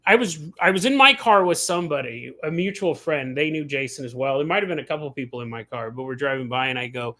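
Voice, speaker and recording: A man hosting a casual livestream, telling animated stories, acting out the people he quotes and laughing often. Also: mid-range voice, fast talker, few pauses. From California. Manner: laughs often mid-sentence. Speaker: podcast host.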